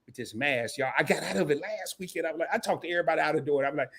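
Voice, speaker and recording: Animated, joking man hosting a live stream. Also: fairly high pitch, rapid-fire, vocal fry, breathy edge. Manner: animated, joking, talks straight to viewers. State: sore from a fall. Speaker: host. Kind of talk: casual live-stream chat.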